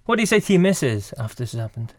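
A man's voice: mid-range voice, very animated, very fast, no echo. A man hosting a radio show, keeping the chat moving with dry replies. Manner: dry, steers the conversation on. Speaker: radio host. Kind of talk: casual chat.

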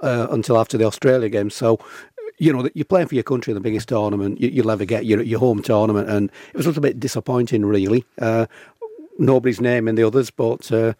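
A man with a Northern English accent, speaking as a radio pundit with dry humor and measured analysis. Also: medium pitch, warm tone, no room sound. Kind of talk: studio chat and analysis.

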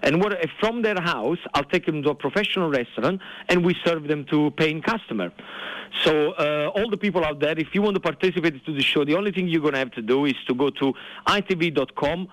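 An exuberant Italian-accented man chatting on the radio with a fairly high voice. His English is broken and full of exclamations. The sound is dry and close, with no room around it. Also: brisk, fairly bright tone, dry recording, low-quality recording. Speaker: celebrity chef guest. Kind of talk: radio phone-in chat.

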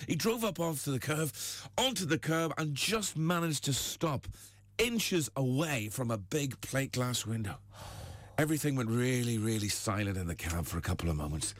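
A male breakfast radio host, telling tall tales with deadpan punchlines in a studio. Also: on the high side, no echo. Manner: lively storyteller, deadpan punchlines. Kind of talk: joke-telling radio banter.

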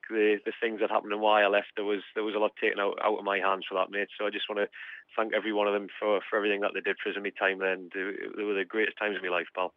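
A man's voice: lowish voice, dry recording. A man, a footballer chatting casually as a guest, calling everyone mate. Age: 30s. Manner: chatty, says mate a lot. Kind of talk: casual phone interview. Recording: dull lo-fi phone line.

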